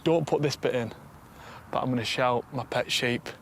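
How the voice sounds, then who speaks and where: A man in his thirties with an Oldham accent, chatting excitedly on camera outdoors on a farm and laughing often, with music underneath. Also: medium pitch, normal speed, slight background noise. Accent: Oldham, northern English. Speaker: first-time farmer, presenter. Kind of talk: casual on-camera chat. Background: background music.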